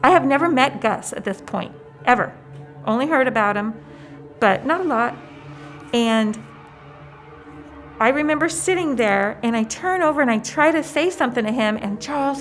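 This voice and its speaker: A woman with a high voice recounting a tense moment in a casual way, voicing the people involved and adding wry remarks. Faint music plays beneath her. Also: moderate pace, pauses often. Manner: expressive, quotes others with wry asides. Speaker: interviewee. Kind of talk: casual storytelling.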